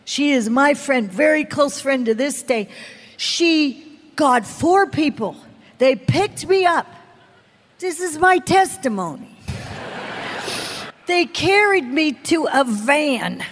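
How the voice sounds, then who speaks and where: A woman with a high voice preaches her testimony slowly and theatrically, shouting some lines and whispering others as she acts out the scene. Her voice rings with the long reverb of a large hall. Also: animated, slight background noise. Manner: dramatic storytelling, acting out voices, shouting and whispering by turns. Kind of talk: testimony sermon. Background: audience.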